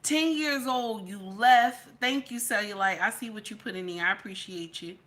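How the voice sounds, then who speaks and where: A woman doing emotional live-stream commentary, emphatic and repetitive, swinging between loud scolding and quiet, near-tearful talk. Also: mid-range voice, normal speed. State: near tears.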